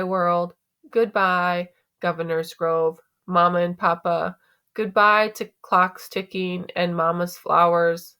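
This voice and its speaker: A woman voicing a teenage girl who talks in a hurried, slightly breathless way in a story read aloud. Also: lowish voice, fairly bright tone, clean tone. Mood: heartfelt. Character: teenage girl actress, breathless after her show.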